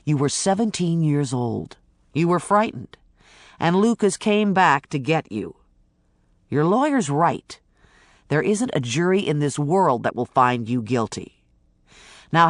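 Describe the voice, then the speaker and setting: A calm male federal agent, as an audiobook narrator plays him, talks slowly and evenly. His pitch rises and falls a lot. The sound is close and dry. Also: no echo. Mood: earnest. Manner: level, measured, gently insistent. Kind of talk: audiobook character voice.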